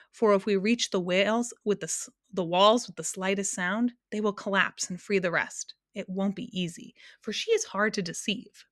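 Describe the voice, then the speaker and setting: A woman's voice: mid-range voice, fairly bright tone, no echo, studio quality, close to an everyday voice. Sad earnest man, pleading, storybook figure, read by a woman. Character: sad, earnest man who writes his words.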